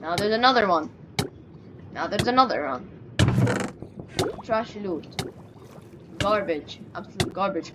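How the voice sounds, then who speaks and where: Slow-talking playful woman gaming. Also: mid-range voice, lively intonation, muffled recording, heavy background noise. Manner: playful, talks to game characters, yelps and mock pleas. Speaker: gaming video creator. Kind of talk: casual gameplay commentary.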